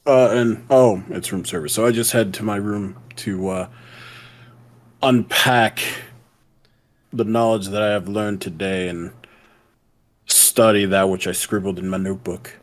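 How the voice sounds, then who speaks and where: Man, tabletop player, slow and low, halting. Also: steady tone. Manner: hesitant, slightly formal in character. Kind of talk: tabletop role-play.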